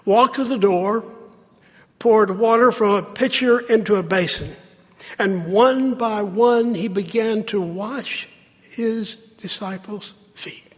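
A man preaching a sermon, with dramatic pauses and lines that drop to a hush. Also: high-pitched. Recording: long hall reverb.

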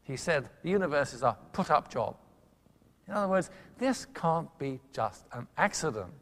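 An older man giving a public lecture, telling a science story with lively emphasis and quick asides. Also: a little high. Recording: long hall reverb.

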